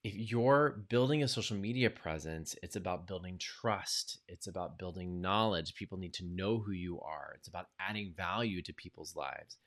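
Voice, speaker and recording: Low-voiced man coaching in a podcast. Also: normal speed, hardly any pauses. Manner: energetic, coaching tone with lively quoted asides. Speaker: podcast host. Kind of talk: solo podcast monologue.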